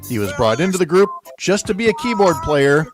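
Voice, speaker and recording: A man's voice: high-pitched, big pitch swings, a little fast, music in the background. A man hosting a morning radio show, chatting casually with jokey, upbeat banter.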